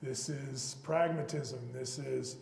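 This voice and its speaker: A man's voice: medium pitch, steady tone, takes it slowly, creaky, a little mellow. A man giving a public lecture on literature in a college auditorium, telling the stories with animation and acting out the characters' lines. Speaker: guest lecturer. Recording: echoey hall with long reverb.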